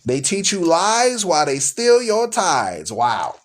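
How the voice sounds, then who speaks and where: A man's voice: on the high side, huge pitch swings, slow. Emphatic, mocking male show host. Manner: emphatic, rhetorical, mocking, reads scripture aloud. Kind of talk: preaching commentary on a live-streamed show.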